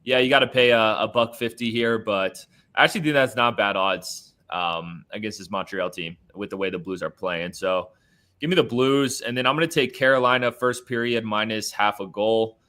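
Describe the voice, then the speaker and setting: Low, bright-toned confident male handicapper. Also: moderate pace. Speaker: co-host handicapper. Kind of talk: casual picks chat.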